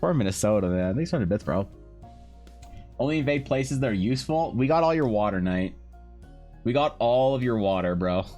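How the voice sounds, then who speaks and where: A man's voice: medium pitch, lively intonation, normal speed, darkish tone, soft background music. A man streaming while painting, trading crude joking banter with his chat. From Canada. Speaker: art streamer. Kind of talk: casual livestream chat.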